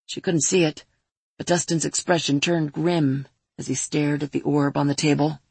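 A woman reading a fantasy story aloud in a steady narration. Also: low voice, normal speed, gravelly, slightly rough, dry recording. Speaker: audiobook narrator.

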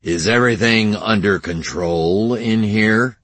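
Gruff old innkeeper in his seventies, as the narrator reads him, stern and husky. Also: lowish voice, measured pace, fairly bright tone, voice pushed up. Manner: gruff, warning. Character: burly hotel owner, man in early seventies, gruff.

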